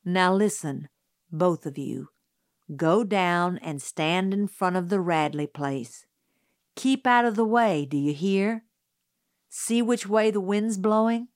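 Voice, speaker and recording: Atticus, a woman lowering her voice for a calm father. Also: no echo, studio quality. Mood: calm, firm. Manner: low, measured and firm. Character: calm, steady middle-aged Southern father. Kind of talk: audiobook character voice.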